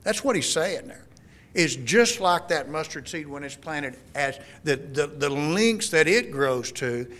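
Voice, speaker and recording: A man preaching in an earnest, explanatory way, with a voice pitched a little higher than most men. He often restarts and repeats words as he reasons through the scripture, steady and sincere. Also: unhurried. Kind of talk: sermon.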